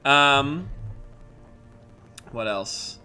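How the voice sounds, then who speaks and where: A young adult man, a host and voice actor, chatting casually on a livestream in a rambling, animated way with many fillers. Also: mid-range voice, drawn-out words, smooth, faint music behind.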